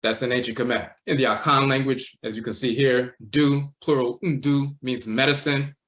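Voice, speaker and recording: A man teaching a livestream lecture, walking slowly through words and terms, repeating them and often tacking on "and so forth.". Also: medium pitch, flat delivery, a bit bright. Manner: measured, repeats terms and says "and so forth" a lot. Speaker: teacher of a spiritual tradition.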